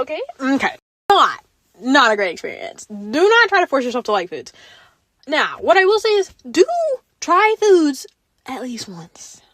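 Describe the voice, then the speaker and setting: A young woman chatting on her own podcast, with a high and very lively voice that swoops around as she tells stories. She slips into playful voices for the people she quotes. The sound is close and dry, with no room echo. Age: young adult. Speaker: podcast host. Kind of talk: casual solo chat.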